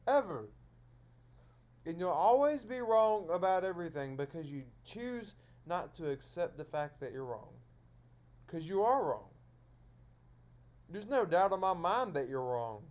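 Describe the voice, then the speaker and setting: Man on a solo stream, scolding and repetitive, voice a bit high. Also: sing-song, unhurried, a little mellow. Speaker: streamer addressing viewers. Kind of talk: solo monologue to camera.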